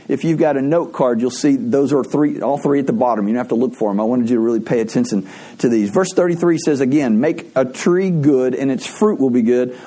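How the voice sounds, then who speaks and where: A man's voice: on the high side, dark tone. A man preaching a sermon in a conversational way, asking rhetorical questions and adding playful asides. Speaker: pastor.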